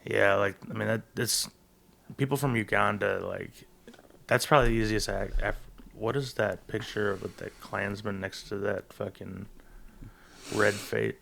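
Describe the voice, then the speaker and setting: Gravelly, bright-voiced man chatting. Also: lowish voice, fairly even intonation, a little slow. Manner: rambling, crude, joking. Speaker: podcast co-host. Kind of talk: casual chat.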